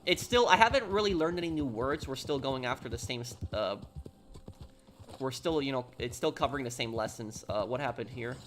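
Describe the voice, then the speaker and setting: A man's voice: medium pitch, expressive, a little fast, fairly bright tone, slight background noise. A young man from New York City, chatting casually while streaming a game and answering viewer questions off the cuff. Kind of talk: casual live-stream chat.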